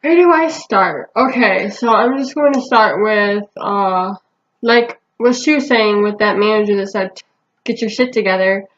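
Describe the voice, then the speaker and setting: A woman's voice: medium pitch, a little slow, a bit bright. A young woman co-host telling a casual story in a chatty, swearing way. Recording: dull lo-fi sound with faint hiss.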